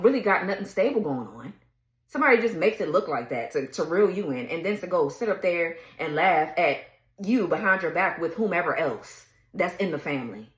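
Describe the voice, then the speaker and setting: A woman's voice: fairly low pitch, echoey room, poor audio. A woman giving a tarot reading in a blunt, heated rant, cursing freely and laughing between her words. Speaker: tarot reader. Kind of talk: casual ranting tarot reading.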